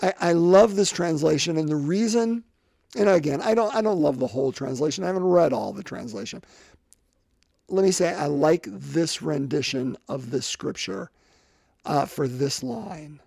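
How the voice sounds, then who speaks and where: Gravelly-voiced priest giving a rambling homily. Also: male voice, on the high side, expressive, moderate pace, darkish tone, no room sound, studio quality. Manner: rambling, self-interrupting, joking.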